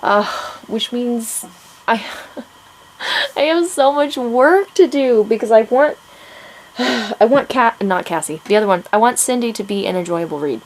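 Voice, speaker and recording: A woman's voice: fairly high pitch, expressive, a little slow, low-quality recording. A woman writer chatting casually about her writing progress, rambling with plenty of ums and frequent laughs. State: out of breath. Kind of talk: casual chat to camera.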